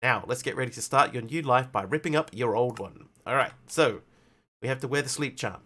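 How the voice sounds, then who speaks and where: A man's voice: medium pitch, brisk. A man streaming a survival game, chatting casually and reading story text aloud with theatrical flair. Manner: animated, jumping between chatty asides and theatrical reading.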